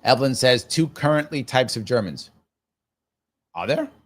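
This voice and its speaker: A man in his fifties hosts a live stream and answers viewer comments as he reads them. He talks casually and thinks aloud, circling back over his own phrases. His voice sits at an ordinary middle pitch. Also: very animated, moderate pace. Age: 50s. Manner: casual, musing, repeats phrases. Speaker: show host.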